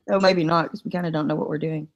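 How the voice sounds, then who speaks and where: A woman's voice: low-pitched, gravelly. Joking woman on a tinny video call. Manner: joking, self-deprecating, laughs often. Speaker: co-host. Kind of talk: casual video chat. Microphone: computer mic on a video call. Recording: slightly tinny sound.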